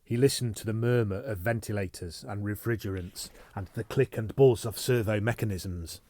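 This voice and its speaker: Low-voiced male audiobook narrator. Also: normal speed, dark tone, dry recording. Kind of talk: scripted narration.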